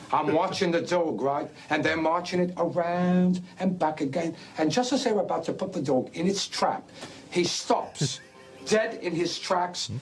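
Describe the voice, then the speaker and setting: An actor playing a boisterous English man telling a laughing story about a race with a dog, in a film clip. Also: on the high side. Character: boisterous English man spinning a gambling yarn.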